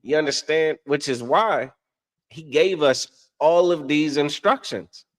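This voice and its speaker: A man, co-hosting a religious talk show, preaching in a casual, animated way and often asking "you understand?". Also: fairly high pitch, slow. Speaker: religious podcast co-host.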